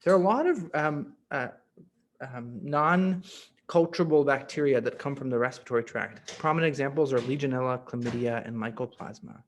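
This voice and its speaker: A young man co-hosting a medical teaching session over a video call, animated and jokey, slipping into exaggerated voices to make his point. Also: mid-range voice, a little fast. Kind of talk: playful medical teaching on a livestream.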